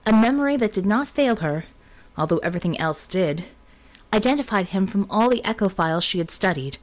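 A woman reading a novel aloud as an audiobook narrator, steady and expressive. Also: lowish voice. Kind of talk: scripted narration.

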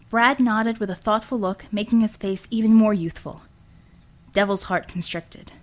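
A woman with a mid-range voice narrates an audiobook at normal speed, telling the story in an expressive, animated way.

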